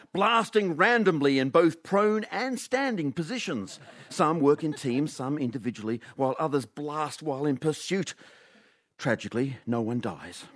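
A man, hosting a radio show with a dry, deadpan comic monologue. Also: medium pitch. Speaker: radio host. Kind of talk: comic scripted monologue then panel chat.

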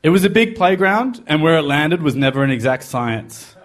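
A man's voice: fairly high pitch, big pitch swings, moderate pace, some chatter behind. A man telling a personal story, wry and self-deprecating, in a confessional way. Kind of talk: personal story told to a live podcast.

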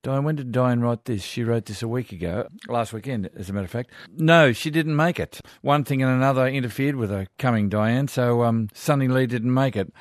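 A man's voice: medium pitch, fairly quick, hardly any pauses, no echo, studio quality. An older Australian man hosting a radio show, reading listener letters with chatty asides. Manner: warm chatty asides, chuckling.

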